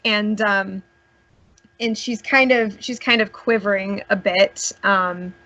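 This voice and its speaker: Bright-voiced young woman player. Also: mid-range voice, steady tone, slow pace. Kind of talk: playing a tabletop game.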